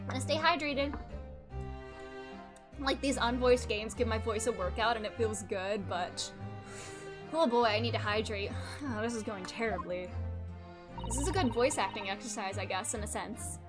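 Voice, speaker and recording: A woman's voice: a little high, moderate pace, pauses often. A woman streamer giving chatty, giggly commentary while voicing a story game. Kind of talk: casual let's-play commentary. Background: game music.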